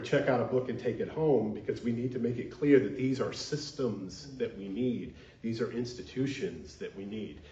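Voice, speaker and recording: A man's voice: medium pitch, dark tone. Earnest male minister in an echoey sanctuary. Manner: earnest, leads call-and-response. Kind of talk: sermon. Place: church sanctuary. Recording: dull echoey sanctuary recording.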